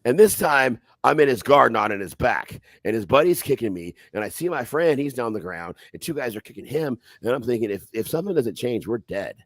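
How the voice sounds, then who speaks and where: A man recounts a fight in a loose, profane podcast chat. His voice is gravelly and full of lively swings in pitch. The sound is dry and close to the mic. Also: a little fast, hardly any pauses, dry recording. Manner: animated, profane, acts out voices loudly. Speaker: podcast guest telling a fight story. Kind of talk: casual storytelling.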